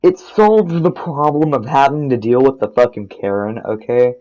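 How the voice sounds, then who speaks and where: A teenage boy talks casually over a game, telling a long story. His voice sits at an ordinary middle pitch, and he rambles, swears freely and restarts his sentences as he goes. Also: moderate pace, warm tone, highs cut off. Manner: rambling, profane, restarts often. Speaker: gaming storytime narrator.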